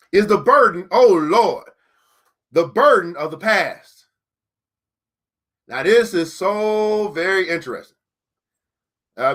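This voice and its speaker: A man teaching a motivational class in an emphatic, preacher-like way, repeating key lines slowly and speaking straight to his listeners. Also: high-pitched, pushed and bright. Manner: addresses listeners directly as beautiful people. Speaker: teacher and book club host.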